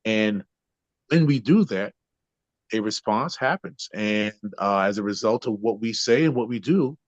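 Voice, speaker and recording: A man with a lowish voice and lively intonation speaks at a measured pace, with no room sound. He's a trainer guesting on a podcast, explaining ideas casually and frequently checking in by adding "right?", on a dull, dry lo-fi recording.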